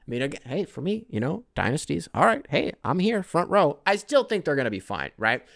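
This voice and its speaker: A man's voice: on the high side, big pitch swings, a little fast, creaky, fairly bright tone, no echo, clean studio sound. A man hosting a casual solo sports podcast who rambles, swears freely, jokes and reads listener emails aloud. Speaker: podcast host.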